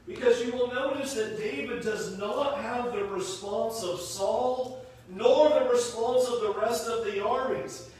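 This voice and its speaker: A male preacher giving a sermon in a church sanctuary. He tells the story in an animated way and acts out the quoted lines. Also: high-pitched. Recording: echoey hall, mic from a distance.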